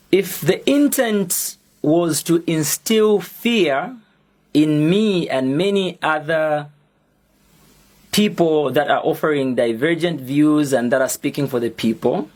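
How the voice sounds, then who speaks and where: A young man with a Zambian accent delivers a public statement at a slow, deliberate pace. His tone is measured and defiant, and each point lands with firm emphasis. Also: medium pitch, a little mellow. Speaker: musician and activist.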